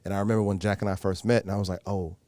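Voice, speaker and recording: A man in his thirties, an actor being interviewed, telling stories in a lively way and acting out what people said. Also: on the low side, racing, no echo. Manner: animated storyteller who acts out quoted exchanges. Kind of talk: casual interview chat.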